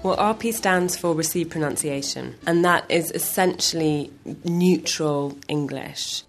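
A woman's voice: low voice, a little slow, faint music behind. A woman speaking as an accent expert in a recorded interview clip, explaining thoughtfully with hedging fillers.

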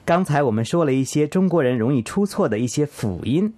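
A man co-hosting a pronunciation lesson, a native Mandarin speaker explaining clearly and steadily. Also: a little high, expressive, brisk, mellow. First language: Mandarin Chinese. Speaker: co-host of English pronunciation lesson. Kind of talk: scripted radio lesson, explaining in Chinese.

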